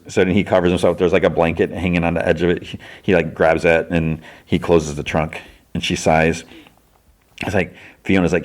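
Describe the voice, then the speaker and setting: A man hosting a podcast, recapping a cartoon episode in a rambling, casual way and quickly acting out the characters' lines. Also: low-pitched, flat delivery. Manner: rambling, filler-heavy retelling with quick quoted lines. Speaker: podcast host.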